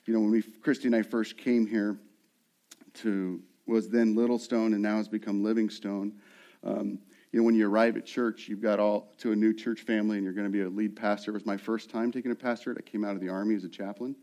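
A middle-aged man, a lead pastor, preaching a sermon in an animated way and acting out the voices of the people he describes. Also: fairly low pitch, fast.

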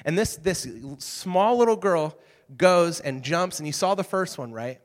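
A man in his thirties speaking to a live group, telling stories in an energetic, animated way with asides to the crowd. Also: high voice, a little slow. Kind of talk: energetic talk to an audience. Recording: reverberant hall.

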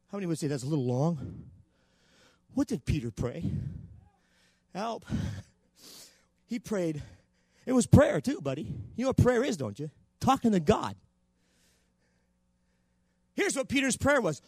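A man preaching a sermon in a church, impassioned and shouting at the peaks. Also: very high-pitched, sing-song, normal speed, long pauses, slightly rough, no room sound. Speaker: pastor.

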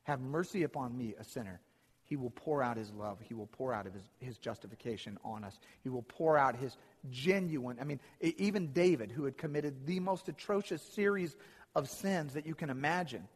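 A man's voice: medium pitch, normal speed, husky, long reverb tail. A man preaching a sermon, retelling Bible stories and acting out the characters' lines.

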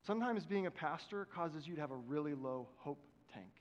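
A man preaching a sermon as pastor, with emphatic swings between loud exhortation and hushed prayerful passages. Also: a little high, animated, fairly quick, muffled recording. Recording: long hall reverb from a church.

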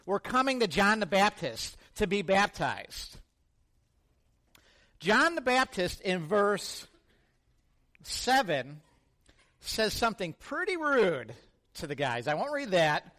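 A male pastor giving a sermon in a church, relaxed and conversational, joking with the congregation and asking them questions. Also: high-pitched.

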